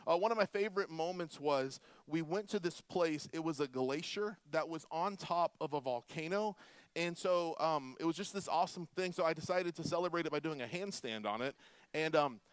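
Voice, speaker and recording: A man in his forties from Florida, preaching a sermon with animated, humorous storytelling. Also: fairly high pitch, normal speed, clear, resonant tone, no echo. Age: 40s. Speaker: pastor.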